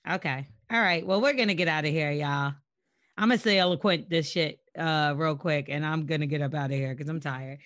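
A woman's voice: low voice, a little fast, a bit bright, dry recording, dull audio. A woman hosting a podcast in casual banter, teasing her co-host as she runs the segment.

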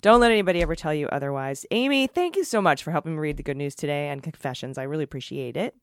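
A woman's voice: sits low, animated, very fast, no echo, studio quality. Gushing woman podcast host. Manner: enthusiastic, affectionate. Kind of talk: casual chat.

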